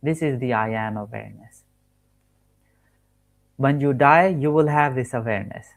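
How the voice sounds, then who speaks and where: A man's voice: medium pitch, moderate pace, creaky. Earnest man teaching spiritual ideas. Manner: earnest, repetitive, restarts and self-corrections. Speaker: manifestation coach. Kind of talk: spoken teaching monologue.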